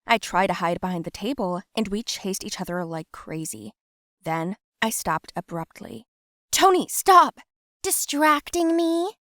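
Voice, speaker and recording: A young adult woman telling a scripted first-person story in a plain, steady way. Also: lowish voice, normal speed, no echo, studio quality. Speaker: narrator.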